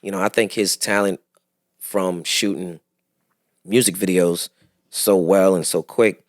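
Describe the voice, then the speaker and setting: A man, an actor guest telling animated stories in a casual interview chat. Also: low-pitched, measured pace, no room sound, clean studio sound. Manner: animated storyteller, acts out other voices with laughter.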